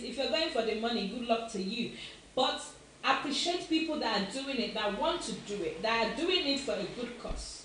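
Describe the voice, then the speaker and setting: A woman hosts a casual live stream, speaking to viewers in a chatty, encouraging way that often breaks into laughter. Her voice sits a little high, and it rings in a very echoey room with the mic some way off. A faint hiss runs underneath. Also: expressive, normal speed, fairly bright tone, far from the mic. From Africa. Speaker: host of a live online show.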